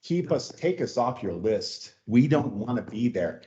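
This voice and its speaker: A man's voice: medium pitch, big pitch swings, a little slow, dark tone. A man giving an emotional public comment at a water board meeting, repeating himself as he pleads. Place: meeting room. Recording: dull lo-fi meeting audio.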